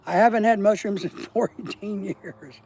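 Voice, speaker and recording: A man with a fairly high, gravelly voice chats on a casual outdoor live stream at night. He reads viewer comments aloud and answers them with blunt, profane teasing. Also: unhurried, darkish tone, rough recording.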